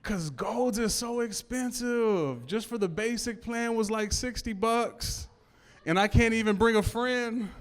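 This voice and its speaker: A man's voice: sits high, smooth. A man performing a stand-up set on a club stage, talking loosely with stammered restarts and asides to the crowd. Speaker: stand-up comedian. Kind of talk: stand-up set before a live audience.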